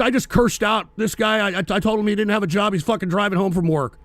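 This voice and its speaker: A man hosting a livestream, ranting angrily about politics and cursing at viewers who donate, often shouting. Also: sits high, fast, few pauses, no echo. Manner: profane, ranting, frequently shouting. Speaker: livestream host. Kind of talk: angry political rant, reading donations.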